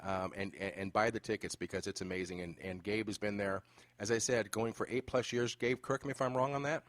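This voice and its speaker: A man hosting a podcast interview, telling an animated story with many fillers. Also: lowish voice, brisk, dry recording. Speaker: podcast host. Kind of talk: casual interview chat.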